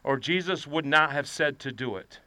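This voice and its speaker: Bright, crisp-voiced preaching man. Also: normal speed, no echo. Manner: swings from shouted preaching to quiet, low confiding. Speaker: pastor. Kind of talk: sermon.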